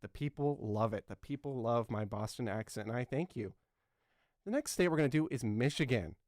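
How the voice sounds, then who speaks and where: A man's voice: medium pitch, expressive, brisk, heavy background noise, close to an everyday voice. A man in his twenties playing an earnest, clueless talk show host who rambles and fills his talk with ums and uhs. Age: 20s. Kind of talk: satirical talk show comedy.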